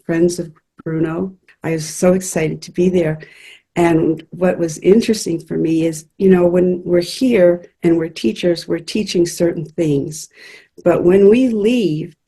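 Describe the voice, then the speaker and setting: A woman's voice: low-pitched, gravelly, mellow, breathy edge. A woman who works as a spiritual medium, earnestly telling personal stories in a chatty interview. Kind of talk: interview storytelling.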